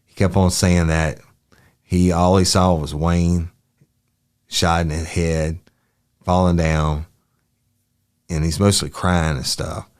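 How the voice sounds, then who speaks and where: A man's voice: deep voice, little pitch movement, takes it slowly, long pauses, darkish tone, clear, resonant tone. A man reading out the answers of a young male witness in a police interview, polite and brief. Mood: plain. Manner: short answers, polite "yes, sir".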